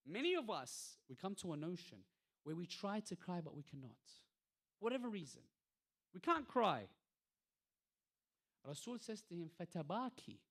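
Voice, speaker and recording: A man's voice: high voice, very animated, normal speed, long pauses. Man giving an impassioned religious lecture. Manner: rhetorical questions, swings between soft and emphatic. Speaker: lecturer at an Islamic centre.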